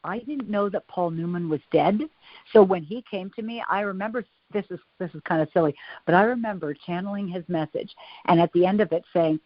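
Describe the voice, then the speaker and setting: A woman guest in an interview telling stories in a lively, animated way. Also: lowish voice, a little fast, no room sound. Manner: lively storyteller, animated and laughing. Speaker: psychic-medium guest. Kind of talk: storytelling in an interview. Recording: dull lo-fi dry sound.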